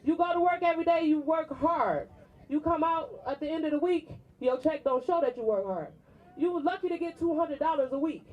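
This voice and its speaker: A woman's voice: high-pitched, highs cut off. A woman worker giving an indignant, emphatic rally speech, driving points home by repeating them. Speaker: striking warehouse worker.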